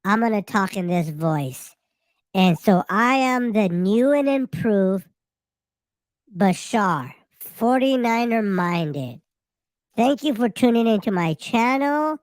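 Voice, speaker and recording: A man putting on a high, silly voice to play a fake host, mocking and exaggerated. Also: expressive, takes it slowly, dry recording. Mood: mock-grumpy. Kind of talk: casual chat.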